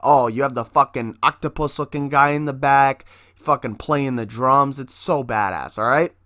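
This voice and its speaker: Hyped, foul-mouthed man pitching his comic. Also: moderate pace, bright, forceful tone, no room sound, clean studio sound. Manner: profane, hyped, swears constantly. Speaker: comic creator promoting his book. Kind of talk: casual promo vlog.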